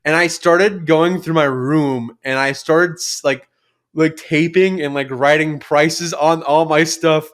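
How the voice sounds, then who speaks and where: This young man co-hosts a podcast, and his steady voice sits on the high side as he slowly recalls childhood stories. The casual chat meanders, packed with fillers and curse words.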